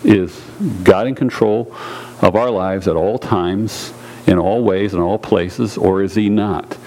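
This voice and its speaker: A man's voice: sits low, steady tone, slow pace, dark tone, slight background noise, poor audio. Earnest man preaching a sermon. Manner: earnest, repeats key phrases, asks rhetorical questions. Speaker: pastor. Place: church sanctuary with congregation.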